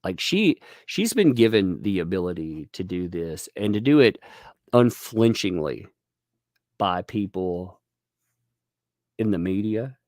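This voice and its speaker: A man hosting a casual livestream, talking in an animated, rambling way with many restarts while reading viewer donations. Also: low voice, measured pace, long pauses, no room sound, studio quality.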